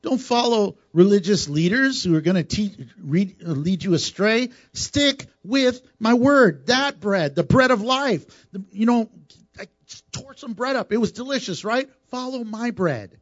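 Animated, teasing pastor preaching a sermon. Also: male voice, sits high, measured pace, no room sound, muffled recording. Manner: animated, teasing, playful with the congregation. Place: church sanctuary.

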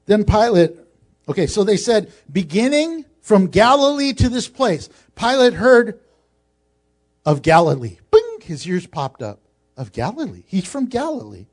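A man's voice: fairly high pitch, darkish tone. A male pastor giving a humorous, conversational sermon, acting out scenes as he teaches.

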